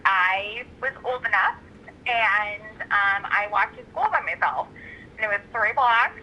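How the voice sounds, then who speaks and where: A woman co-hosting a podcast in casual chat, hesitant with many pauses and fillers. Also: mid-range voice, pushed and bright, a little hiss or hum, poor audio. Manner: hesitant, many ums, giggly. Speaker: podcast co-host.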